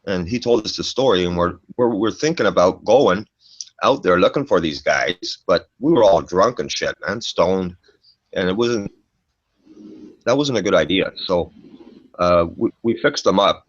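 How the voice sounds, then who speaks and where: Speaking low and expressively at a moderate pace, the middle-aged storyteller guest swears and stresses his points, tacking "man" onto the ends of lines. The casual chat is captured in a dull, dry, lo-fi recording.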